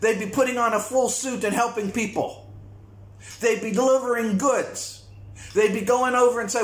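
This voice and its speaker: A man's voice: extremely high pitch, steady tone, normal speed. A man delivering a blunt, repetitive, profane rant to camera as a vlogger. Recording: echoey room.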